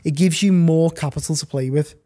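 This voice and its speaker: A young man talks casually as a podcast guest, winding through his stories with lots of fillers and restarts. His voice is a touch higher than most men's and has a mellow, warm tone. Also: fairly quick. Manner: rambling, filler-heavy storytelling. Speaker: podcast guest, online reseller.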